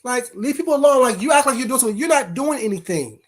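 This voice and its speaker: A man's voice: very high voice, lively intonation, fast. A man hosting a casual livestream, bluntly cussing out trolls and greeting viewers in the chat by name. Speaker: livestream host.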